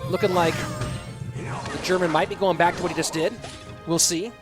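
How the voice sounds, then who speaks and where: A man's voice: sits high, fairly even intonation, moderate pace. A young man casting a live esports stream, calling plays and joking casually with chat. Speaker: esports caster. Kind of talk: live stream game commentary. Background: music.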